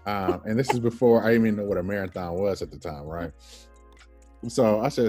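A man in his thirties, a podcast guest telling an animated personal story and acting out the people in it. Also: fairly low pitch, fairly quick, faint music behind. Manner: animated storyteller, acts out quoted voices, laughs often.

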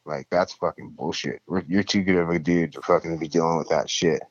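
A young man with a very low, husky voice tells a story in rough, profanity-laden casual talk. He jumps into louder, higher tones when he quotes people, and the sound is dry and dull, like a lo-fi recording. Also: steady tone, brisk, no room sound.

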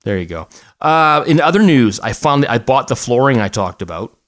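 A man's voice: mid-range voice, sing-song, normal speed, a bit bright. A middle-aged man co-hosting a podcast, chatting casually with jokes and a lot of restarts. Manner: rambling, joking, many restarts. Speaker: podcast co-host. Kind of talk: casual chat.

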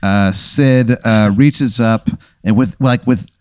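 A man's voice: on the low side, slow, a little mellow, smooth, no room sound, studio quality. A man hosting a casual podcast chat, telling a rambling hypothetical story with many fillers. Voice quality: meandering with many uhs and profanity. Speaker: podcast host posing a hypothetical.

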